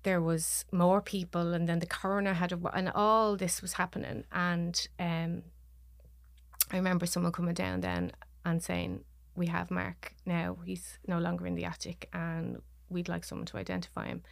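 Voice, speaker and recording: A podcast guest, a woman with a Dublin Irish accent, tells her story in a low, gravelly voice. She stops and restarts her sentences and acts out what others said. The sound is dry and close. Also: no room sound. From Ireland. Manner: halting, restarting sentences, voicing others' words. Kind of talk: personal story told in conversation.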